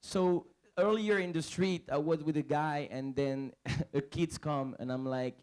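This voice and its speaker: A man's voice: fairly high pitch, fairly even intonation, normal speed, hardly any pauses, a little mellow, clear, resonant tone, rough recording. A young man with a French accent giving a joking stage speech, playful and laughing, often repeating words as he starts. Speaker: actor and comedian guest.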